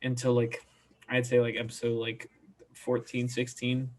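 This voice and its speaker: A man's voice: mid-range voice, monotone, unhurried, darkish tone. A man on a video call, a guest on a podcast, chatting casually and explaining things with lots of fillers while joking around. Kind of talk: casual chat.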